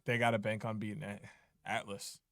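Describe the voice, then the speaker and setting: Young dude on a sports pod, kinda low voice, dry mic, sarcastic and chatty. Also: male voice, little pitch movement, vocal fry, a bit bright, no room sound. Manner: quick-witted, sarcastic, chatty. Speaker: podcast co-host. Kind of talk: casual sports chat.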